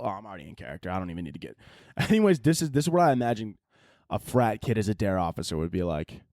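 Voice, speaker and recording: A young man hosting a podcast, telling comedic stories in an animated, profane, mocking way. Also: fairly low pitch, very fast, no echo, studio quality. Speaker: podcast host. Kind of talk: comedic storytelling monologue.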